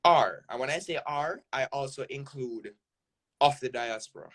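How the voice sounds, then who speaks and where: A man's voice: mid-range voice, lively intonation, normal speed, crowd noise. A Jamaican man from Jamaica, a content creator guest on a podcast, talking casually and animatedly, with lots of emphasis and frequent "right?" check-ins. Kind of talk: casual interview talk.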